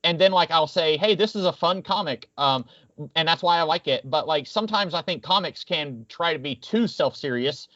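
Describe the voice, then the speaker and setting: A man co-hosts a casual podcast, rambling with wry asides. His voice sits a little high. The recording is dry and dull, lo-fi. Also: moderate pace, pushed and bright, dry recording. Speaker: podcast co-host.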